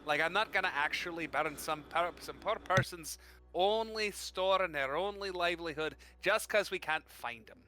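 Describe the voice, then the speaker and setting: A man's voice: high-pitched, normal speed, low-quality recording. A man playing in a tabletop game, chatting casually and joking with the group. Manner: joking, animated. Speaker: player.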